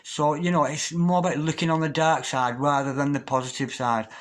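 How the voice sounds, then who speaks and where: A man with a fairly high voice reads tarot cards aloud. He talks gently and gushes over the cards, then sinks into a low repeated chant to call on the spirits. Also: level tone, fairly quick, few pauses, background noise. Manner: gentle, gushing, repeats invocations in a lowered chant. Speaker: tarot reader. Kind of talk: tarot reading with spoken invocations.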